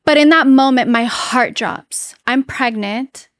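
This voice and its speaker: Woman guest, slightly high voice, dry close studio sound, earnest and emotional, halting delivery. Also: dry recording. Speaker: podcast guest. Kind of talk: personal storytelling in an interview. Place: podcast studio. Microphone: podcast microphone.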